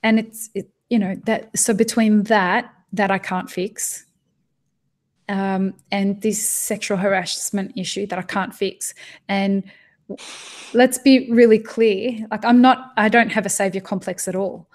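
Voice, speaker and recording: A woman's voice: mid-range voice, fairly even intonation, a little slow. Brief: woman, mid-range voice, heated podcast chat full of restarts and cursing. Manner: impassioned, frequent restarts and swearing. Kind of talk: casual podcast conversation.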